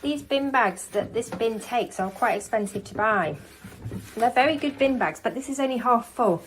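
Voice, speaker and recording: A woman's voice: on the high side, animated, moderate pace. Brit lady rambling while she cleans, kinda breathless, lots of background noise. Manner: chatty, scattered, self-narrating. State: slightly out of breath. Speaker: home cleaning vlogger. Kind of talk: casual chat while cleaning. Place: house, indoors.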